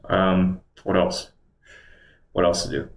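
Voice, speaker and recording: Low-voiced man rambling on a livestream. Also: completely flat delivery, takes it slowly. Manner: rambling, muttering to himself. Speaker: live streamer. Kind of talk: casual livestream chatter. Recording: roomy echo with faint background hum.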